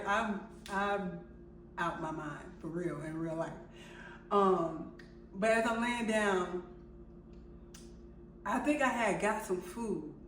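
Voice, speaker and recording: A young adult woman telling a personal story to her viewers in an animated way, laughing at herself and getting louder as she relives moments of panic. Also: medium pitch, a little hiss or hum. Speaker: vlogger. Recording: echoey room, a bit far from the mic.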